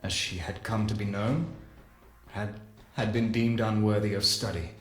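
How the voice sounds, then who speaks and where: A man tells a story in first person, his delivery slow and deliberate, his voice sitting slightly low. The recording has a roomy echo. Faint music plays underneath. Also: fairly even intonation, a bit bright. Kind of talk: scripted dramatic narration.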